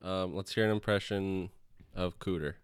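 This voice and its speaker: A man's voice: deep voice, fairly even intonation, normal speed, clear, resonant tone, dry recording. Laid-back man with dry quips. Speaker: podcast co-host. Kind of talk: casual comedic chat.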